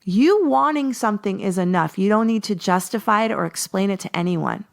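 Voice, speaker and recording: Brisk and animated, with vocal fry in a medium-pitched voice, a podcast host in her forties from Los Angeles recounts something from her own life casually, reenacting her earlier remarks.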